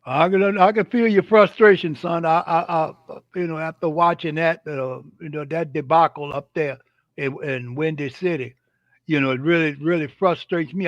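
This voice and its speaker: Older man with a high, halting voice. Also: no room sound. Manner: halting, measured, stumbles on words. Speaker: co-host. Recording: dull lo-fi dry sound.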